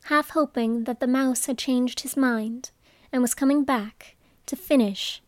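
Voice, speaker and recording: A woman narrating a storybook in a measured, expressive way. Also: high voice, a little hiss or hum. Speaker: audiobook narrator.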